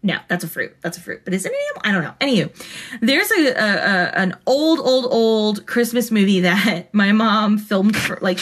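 A woman's voice: fairly high pitch, fairly bright tone. Chatty woman vlogger unboxing stickers. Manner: chatty and rambling, gushing over cute stickers. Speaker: planner vlogger and host. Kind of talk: casual unboxing chat. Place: home desk in front of a computer.

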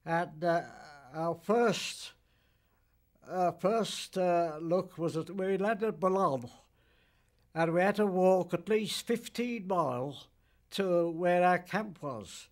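A man in his nineties, a veteran, recounting memories in an interview, halting and plain-spoken with dialect grammar. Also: sits high. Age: 90s. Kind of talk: recollection interview.

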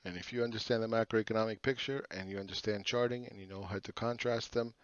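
A man's voice: fairly low pitch, fairly even intonation, fast, smooth, no echo. Blunt, profane middle-aged man. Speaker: market commentator. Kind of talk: casual chart commentary. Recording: dull lo-fi sound.

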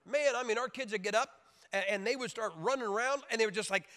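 A high, lively male voice delivers a joking, emphatic sermon and swings widely in pitch. His bright, forceful tone rings out through the long reverb of a large hall. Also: quick pace. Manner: emphatic, joking, acts out crying babies in high shouts. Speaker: preacher.

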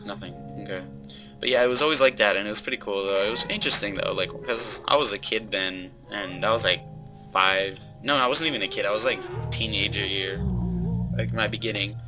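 A young man hosting gameplay commentary, excitable and full of startled exclamations. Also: lowish voice, a little fast, music in the background. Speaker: host.

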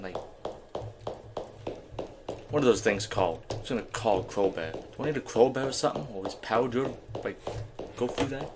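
A young man playing a horror game demo and talking through it, jittery and swearing, yelling when startled. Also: fairly low pitch, noisy background. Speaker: gaming YouTuber. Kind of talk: horror game let's play commentary.

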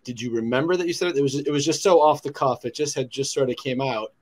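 A man hosts an interview in a mid-pitched voice, asking curious, probing follow-up questions. He restarts his sentences now and then as he works toward the question. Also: quick pace.

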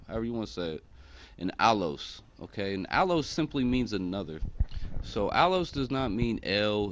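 A man casually talking through a word's origins in a loose, chatty way with fillers. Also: lowish voice. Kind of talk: casual explanatory talk. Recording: dull lo-fi recording.

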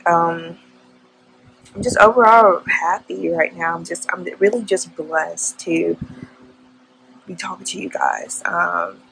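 A woman's voice: fairly low pitch, steady tone, slow pace, gravelly, long pauses, fairly bright tone, slight background noise, rough recording. A young woman vlogging at home, telling an emotional, faith-filled story in casual chat.

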